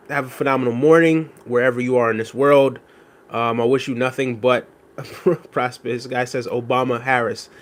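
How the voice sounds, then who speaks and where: A man hosts a livestream in a relaxed, chatty way, reading viewer comments aloud and giving shout-outs. He apologizes quickly, repeats his phrases and fills pauses with ums. His voice sits at an ordinary middle pitch for a man. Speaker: livestream host. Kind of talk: casual livestream chat.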